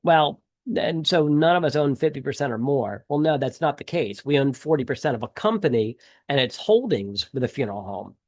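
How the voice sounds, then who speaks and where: A man's voice: mid-range voice, expressive, a little fast, no room sound. Chatty male instructor with a dry, close sound. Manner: conversational, many fillers and restarts. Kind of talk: exam review lecture.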